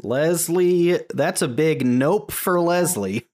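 A man hosting a casual podcast, leading picks and scores in a relaxed, joking way. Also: a little high, slow. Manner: laid-back, joking, leads the segments. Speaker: podcast host.

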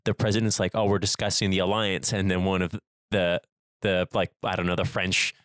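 A man's voice: low voice, level tone, fairly quick, a bit bright, no echo. A man co-hosting a podcast in casual chat, rambling off on tangents with lots of restarts. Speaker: podcast co-host.

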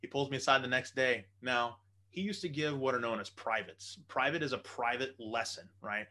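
A man spinning a story on a podcast, animated and quick to swear. His voice is bright and forceful, and it carries the tale in a casual way. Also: mid-range voice.

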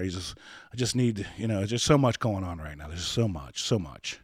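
A man's voice: low-pitched, brisk, husky, dry recording, clean studio sound. A man telling a personal story as a podcast guest, rambling, repeating words and acting out old conversations.

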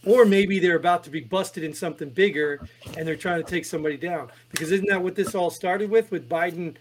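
High-voiced man in animated political chat. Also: brisk, a little hiss or hum. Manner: animated, restarts a lot, exasperated. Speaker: podcast co-host reading headlines.

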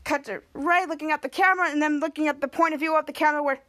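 Woman podcast host, high voice, halting scene-by-scene TV recap. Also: steady tone, sharp tone. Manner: halting, repeating words as she retells scenes. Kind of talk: casual TV episode recap.

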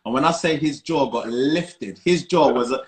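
A man's voice: medium pitch, normal speed. A man with a London accent co-hosting a podcast, chatting casually with playful, emphatic storytelling. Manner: playful, emphatic storytelling, spells words out for effect. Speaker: podcast co-host. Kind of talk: casual chat.

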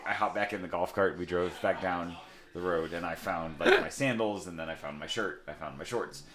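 Deep-voiced casual young man. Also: a bit bright. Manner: laid-back storyteller, swears, laughs often. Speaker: podcast co-host. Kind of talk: casual chat.

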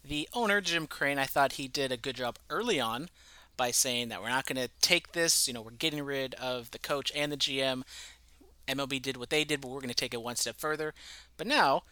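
A man's voice: mid-range voice, fairly quick, bright, forceful tone, no room sound. A man co-hosting a casual sports podcast, rambling and profane as he breaks down a scandal. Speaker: podcast co-host.

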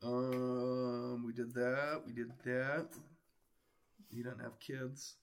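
A man's voice: medium pitch, flat delivery, extremely slow. A man co-hosting a podcast, joking crudely and laughing often in casual banter. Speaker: podcast co-host. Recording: noticeable background noise.

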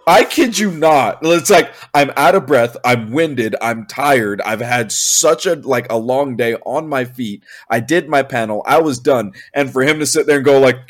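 A young man telling a long comic story in casual chat, animated and exasperated, swearing and laughing as he goes. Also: medium pitch, a little slow.

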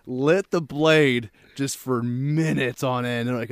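A man's voice: mid-range voice, steady tone, moderate pace, no echo, clean studio sound. Laughing young man telling a wild story. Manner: laughs often, swears, acts out quotes. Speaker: podcast co-host telling a story. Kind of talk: casual storytelling.

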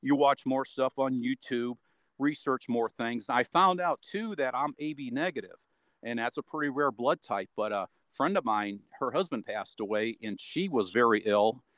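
With lively intonation and a moderate pace, a man of medium pitch and slightly bright tone speaks in a dry recording free of room sound. He's an interview guest giving a casual, meandering account full of fillers.

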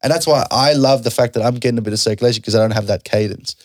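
A young Australian man, a stand-up comedian, chatting on a podcast in an animated way and swearing freely. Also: mid-range voice, rapid-fire, no room sound, clean studio sound. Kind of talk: casual podcast chat.

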